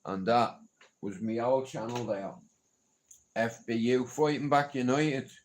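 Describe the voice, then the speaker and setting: A man's voice: mid-range voice, fairly even intonation, measured pace, slight background noise. A middle-aged man ranting casually on a livestream, swearing often and asking "you know what I mean?".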